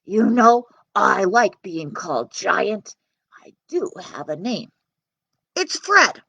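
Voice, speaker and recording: Booming grumpy storybook giant, dry close sound, read by a woman. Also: very animated, takes it slowly, vocal fry, a bit bright, slightly rough, no echo, full character voice. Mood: sulky.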